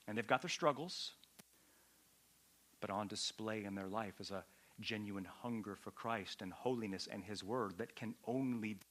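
Male pastor teaching in a sermon; bright, forceful delivery with emphatic peaks and questions to listeners. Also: fairly low pitch. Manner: emphatic, rises to loud peaks on key points; addresses listeners directly with questions.

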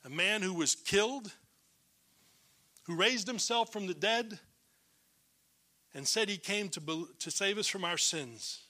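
A man preaching a sermon as a pastor, emphatic, swinging between loud declarations and hushed low lines. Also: expressive, unhurried, long pauses.

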